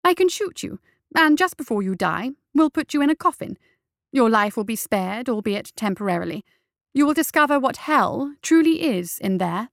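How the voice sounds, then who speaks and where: A woman voicing Justice, a fierce blind female death marshal with a sharp, commanding way of speaking. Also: fairly high pitch, expressive, normal speed, dry recording, clean studio sound, pitched above the performer's own voice. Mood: menacing.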